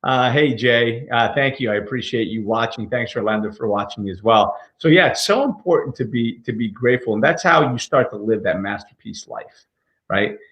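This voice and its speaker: A man's voice: mid-range voice, lively intonation, moderate pace, reverberant, highs cut off. A man hosting a casual livestream interview, speaking in an upbeat, motivational way and often repeating words. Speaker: podcast host.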